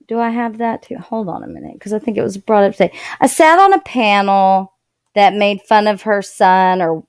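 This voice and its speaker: Woman commentator, very slow delivery, smooth voice, hesitant. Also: medium pitch, dry recording, studio quality. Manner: hesitant, searching for words, slow. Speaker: commentary streamer. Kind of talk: casual commentary.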